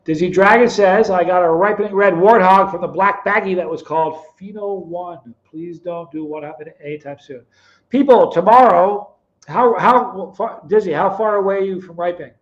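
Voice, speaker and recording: A middle-aged man hosting a live stream, reading chat comments aloud, teasing viewers by name and telling stories in a relaxed, chatty way. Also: high voice, normal speed, lo-fi sound. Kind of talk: casual chat.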